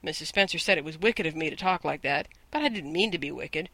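A man's voice: fairly high pitch, fast talker, vocal fry, pushed and bright, no room sound, full character voice, poor audio. A man voicing an eager, imaginative eleven-year-old orphan girl who chatters on breathlessly in an audiobook. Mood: chattering. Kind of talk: audiobook character voice.

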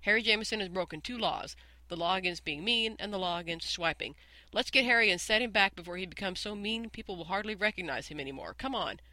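A man reading aloud and voicing a small, earnest male mouse who teaches a class with brisk, cheerful authority. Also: sits high, sharp tone, no room sound, full character voice.

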